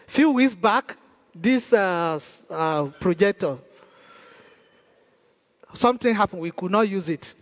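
A man's voice: sits high, expressive, slow pace, pauses often. A male pastor preaching a sermon in a church hall, emphatic and repeating his key phrases. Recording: long church hall reverb.

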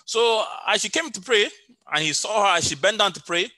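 A man's voice: sits high, expressive, brisk, pushed and bright, dry recording. A middle-aged man preaching a sermon over an online call, telling a story with many fillers and repeated phrases.

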